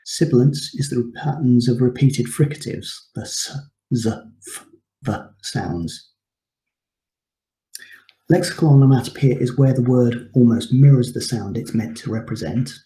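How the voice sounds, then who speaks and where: A man's voice: medium pitch, unhurried, mellow. A man teaching a recorded English lesson, explaining terms patiently with frequent ums. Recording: echoey room.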